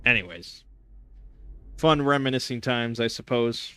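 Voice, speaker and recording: A young man rambles through a casual stream chat with a sarcastic edge, tripping over fillers and restarts. His voice is bright and crisp, recorded close and dry, with faint music underneath. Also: medium pitch, a little slow. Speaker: streamer hosting a gaming chat show.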